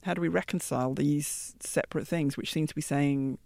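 A British woman in her fifties, a singer answering interview questions in a deep, thoughtful, soft-spoken way. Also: a little fast, dry recording. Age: 50s. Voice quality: deep, gravelly. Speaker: guest singer.

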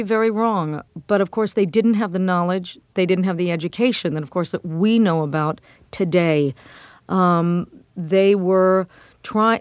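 A middle-aged woman being interviewed as a memoir author, speaking in a measured, reflective way with frequent ums. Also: on the low side, a little mellow, dry recording, clean studio sound. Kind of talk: interview conversation.

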